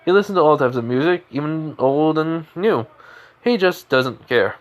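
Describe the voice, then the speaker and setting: A man's voice: a little high, expressive, normal speed. Rambling young man telling a fan story. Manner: rambling, many fillers and restarts. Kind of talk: improvised fan story narration.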